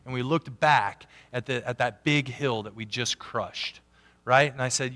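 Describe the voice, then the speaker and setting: A man preaching a sermon as a pastor, animated, swinging from loud emphatic peaks down to quiet asides. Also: medium pitch, moderate pace. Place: church sanctuary. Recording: long church hall reverb.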